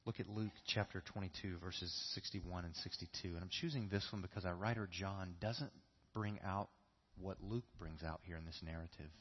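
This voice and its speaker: A man's voice: deep voice, moderate pace, hardly any pauses, slightly rough, lo-fi sound. A man preaching a sermon in a church, earnest and repeating key phrases for emphasis. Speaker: pastor.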